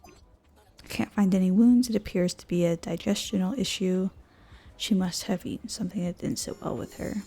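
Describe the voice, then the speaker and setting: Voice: medium pitch, moderate pace, gravelly, warm tone. A woman reading the lines of a cautious doctor in a horse game.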